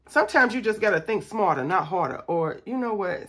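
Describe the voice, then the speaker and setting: Chatty, bright-voiced woman vlogger. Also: medium pitch, a little fast, hardly any pauses, slightly rough. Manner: chatty, animated, talks to viewers as y'all, counts money aloud. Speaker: budgeting vlogger. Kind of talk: casual chat to viewers while scratching off savings.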